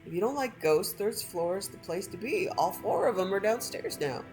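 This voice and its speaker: A woman voicing a calm, matter-of-fact male adventurer who reassures and teases his companion while reading a game story aloud. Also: medium pitch, moderate pace, music in the background, pitched above the performer's own voice, close to an everyday voice, poor audio. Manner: dry, reassuring, slightly teasing.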